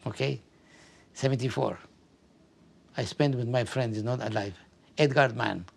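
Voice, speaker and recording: An older man from Afghanistan, telling his life story in an oral history interview, halting and often repeating words. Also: medium pitch, gravelly.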